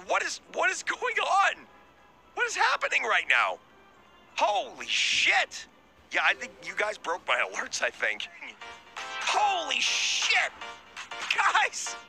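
A man game streamer on a live stream, excitable and astonished, swearing a lot as he addresses his chat. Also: extremely high pitch, gravelly.

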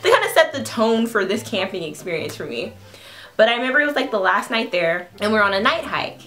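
A woman's voice: on the high side, brisk. Chatty young woman telling a story. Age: 20s. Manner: chatty, animated, laughs while telling. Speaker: food vlogger telling a story. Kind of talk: casual storytime vlog.

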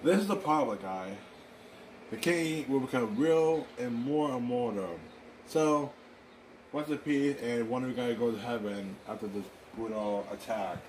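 A man improvising a fan drama, talking in a rambling, halting way with excitable exclamations. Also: mid-range voice, slight background noise, poor audio. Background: music.

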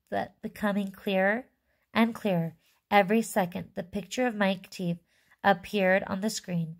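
A woman's voice: medium pitch, vocal fry. A woman reading a children's book aloud, stopping for chatty asides and correcting herself. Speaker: reader.

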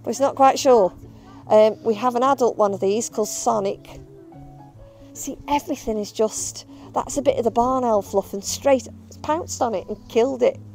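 A woman's voice: on the high side, normal speed, darkish tone, faint music behind. A woman, a bird of prey handler, chatting casually and affectionately while filming outdoors. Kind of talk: casual video update.

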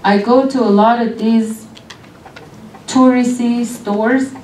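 Slow, earnest woman lecturing in an echoey room. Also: fairly high pitch, steady tone, darkish tone. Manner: earnest, reflective, speaks slowly with pauses. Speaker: guest lecturer on weaving. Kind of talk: college lecture talk. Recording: echoey room, distant mic, faint noise.

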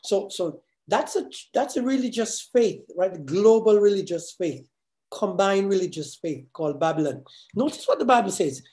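A man preaching a verse-by-verse sermon as pastor, often repeating words and asking "right?", slowing down to stress key phrases. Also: high-pitched, lively intonation, darkish tone. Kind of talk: sermon teaching on scripture.

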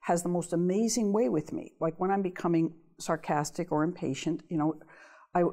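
A middle-aged woman, a guest on a panel discussion, telling animated stories and laughing as she talks. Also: fairly low pitch, fairly quick. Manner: animated storyteller, laughing, acts out dialogue.

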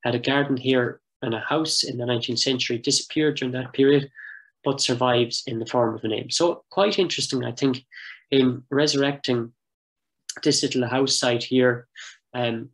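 A man of middle pitch presenting a heritage talk over a video call. He speaks in a thoughtful, measured way, pausing often with small fillers as he walks through maps on screen. His voice sits in an ordinary register for a man. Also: fairly bright tone, poor audio. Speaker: project coordinator giving a heritage talk. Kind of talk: online presentation with shared maps.

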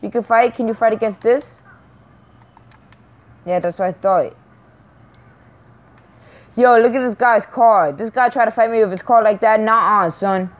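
A woman giving casual, excitable commentary while playing a game, chatting to herself and laughing often. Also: fairly high pitch, unhurried, long pauses. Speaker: gameplay commentator. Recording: tinny phone-like sound.

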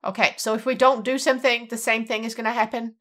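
A young adult woman giving jokey, excitable and profane commentary while she plays a game. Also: on the high side, fast. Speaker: let's play gamer. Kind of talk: casual gameplay commentary.

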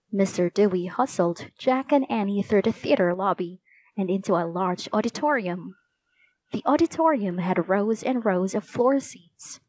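A woman's voice: medium pitch, darkish tone, dry recording. Woman reading a children's storybook aloud. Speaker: audiobook narrator. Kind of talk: scripted storybook narration.

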